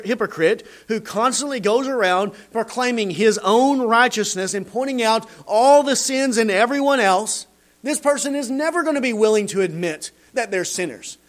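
Man, sermon, high-pitched voice, animated rhetorical delivery, keeps asking "right?". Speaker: preacher.

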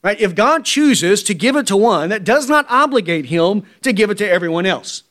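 Male preacher, high voice, emphatic and repetitive delivery, sermon style. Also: animated, moderate pace, a bit bright. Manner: emphatic, repetitive, asks the congregation "right?".

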